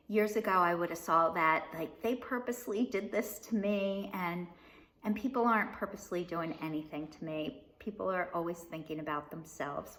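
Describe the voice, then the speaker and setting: Chatty woman clearing a tickly throat. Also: fairly low pitch, fairly bright tone, a little hiss or hum. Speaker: vlogger. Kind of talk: personal recovery vlog, casual talk.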